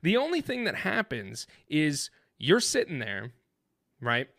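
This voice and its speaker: A man co-hosting a podcast, retelling an experience in an excited, rambling way, full of restarts and fillers. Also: on the high side, measured pace, vocal fry, no echo, studio quality. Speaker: podcast co-host. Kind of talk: animated storytelling in casual chat.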